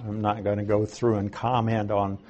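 A man giving a Bible lesson in an unhurried, explanatory way, reading scripture aloud and stressing key words, with a few dry asides. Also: fairly low pitch, level tone, darkish tone, dull audio. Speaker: Bible teacher. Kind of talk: Bible teaching.

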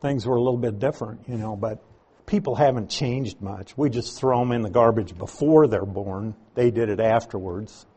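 A man's voice: fairly low pitch, normal speed, mellow, husky. A man as pastor, teaching an evening Bible study sermon in a conversational way with frequent asides.

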